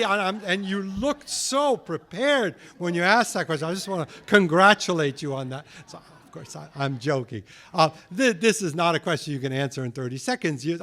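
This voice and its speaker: A man's voice: on the high side, a bit bright. A man giving a public science lecture as a guest speaker, with joking, wry asides.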